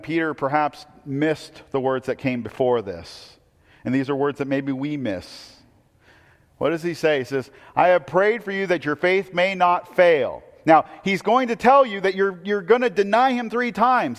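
Man preaching in a reverberant hall. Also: high-pitched. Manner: conversational preaching, rhetorical questions, quoting scripture. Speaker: pastor. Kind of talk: sermon.

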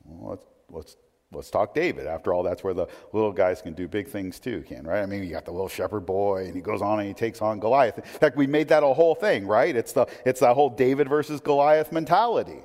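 A man's voice: fairly quick, darkish tone. Man preaching in a reverberant hall. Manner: conversational teaching, rising emphatic when reading scripture, dropping low for asides. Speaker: pastor. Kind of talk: sermon.

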